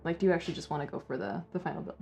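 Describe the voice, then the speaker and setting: A woman's voice: fairly low pitch, fairly even intonation, creaky, warm tone. A woman co-hosting a do-it-yourself prop build, chatting casually and cracking playful jokes. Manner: playful and jokey, quick asides. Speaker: co-host of a DIY prop-making channel. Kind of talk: casual chat while crafting. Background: background music.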